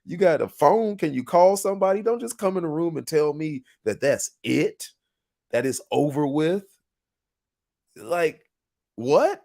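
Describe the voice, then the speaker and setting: A man's voice: a little high, expressive, a little slow, vocal fry, darkish tone. A man hosting a podcast in a casual monologue, earnest and motivational, telling stories with emphatic repetition. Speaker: podcast host.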